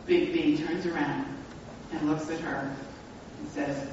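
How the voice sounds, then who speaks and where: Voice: medium pitch, steady tone, takes it slowly, a little mellow, a little hiss or hum. Pastor preaching in an echoey hall. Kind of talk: storytelling sermon. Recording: echoey hall, distant mic, dull sound.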